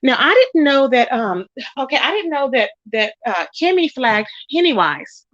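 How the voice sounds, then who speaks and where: A woman hosting a casual livestream, gossiping and reading out chat comments in an animated way. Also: normal speed, dry recording, highs cut off. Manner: animated, quotes people with rising pitch. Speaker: livestream host.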